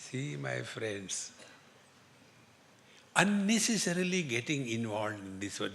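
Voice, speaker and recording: A man speaking English with an Indian accent, giving a spiritual discourse as a teacher, telling humorous stories slowly and chanting Sanskrit verses. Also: medium pitch, very animated, gravelly, fairly bright tone. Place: lecture hall with an audience. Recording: long hall reverb, faint noise.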